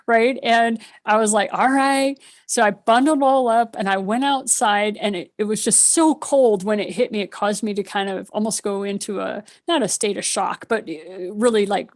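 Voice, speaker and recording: Animated woman telling a story. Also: mid-range voice. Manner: animated, laughs often, quotes her own thoughts. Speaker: guest, spiritual author. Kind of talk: conversational storytelling.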